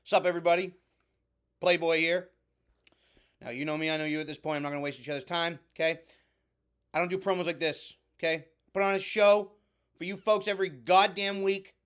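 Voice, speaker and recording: A man's voice: fairly high pitch, level tone, brisk, pauses often, a bit bright, clean tone, close to an everyday voice. A man playing a brash wrestler who calls himself the god of fire, delivering a blustering, indignant heel promo.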